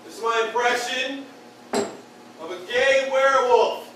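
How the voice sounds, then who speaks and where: A man's voice: very high voice, a little slow, fairly bright tone. A man doing a stand-up comedy set of crude one-liners in a beer hall, jabbing at the crowd. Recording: echoey room from far off, bar noise.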